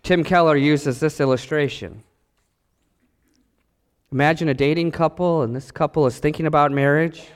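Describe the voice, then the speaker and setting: A man preaching a sermon as pastor, animated and acting out the voices in his stories. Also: on the high side, normal speed, long pauses, smooth, big-room sound.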